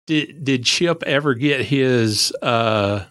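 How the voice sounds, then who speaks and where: Male podcast host, mid-pitched voice, dry room, brief follow-up questions. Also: slow pace, fairly bright tone, no room sound. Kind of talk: interview chat.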